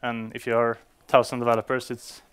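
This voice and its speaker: A man's voice: mid-range voice, monotone, a little fast, smooth. A man giving a conference talk to developers, speaking English as a non-native speaker, with frequent fillers and restarts. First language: Swedish. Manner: hesitant, many fillers and restarts.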